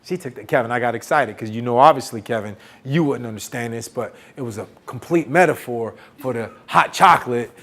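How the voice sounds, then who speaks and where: A man's voice: medium pitch, fairly quick, few pauses, fairly bright tone. A man who is a motivational speaker, telling a story on stage to students. He acts out the voices of the people in it and calls on the crowd to answer back. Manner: calls out to the audience and gets them to answer back. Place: campus event hall.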